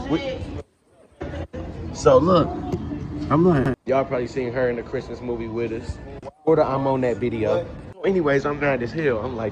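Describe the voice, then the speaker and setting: A man vlogging a casual storytime rant, animated and swearing heavily, with loud angry outbursts. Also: medium pitch, fairly quick, crowd noise.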